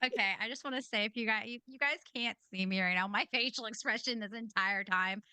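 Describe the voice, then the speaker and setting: Bright, blunt woman podcast host. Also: on the high side, brisk, clear, resonant tone, dry recording. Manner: blunt, swears freely. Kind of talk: casual commentary.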